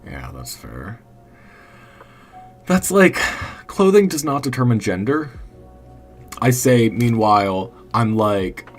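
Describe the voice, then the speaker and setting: A young man chatting casually and candidly with his stream chat late at night, rambling a little and laughing often. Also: low voice.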